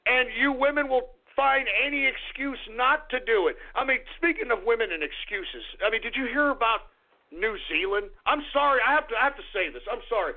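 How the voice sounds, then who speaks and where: A radio host on an angry, crude rant. His voice is very high and gravelly. The sound is thin and tinny, like a phone line. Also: lively intonation, a little fast. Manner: angry, crude, insulting ranting. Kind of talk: ranting talk radio monologue.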